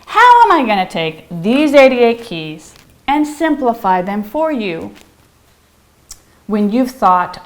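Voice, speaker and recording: A bubbly middle-aged woman teaching piano to camera. She talks slowly and chants little rhymes in a sing-song, with a fairly high voice and sudden theatrical whispers. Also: big pitch swings. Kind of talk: playful piano lesson to camera.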